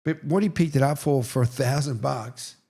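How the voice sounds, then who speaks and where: A man's voice: medium pitch, moderate pace, slightly rough. Middle-aged Australian man telling stories. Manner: storytelling, animated, says "mate". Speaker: real estate agent, podcast co-host. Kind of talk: casual chat, anecdotes.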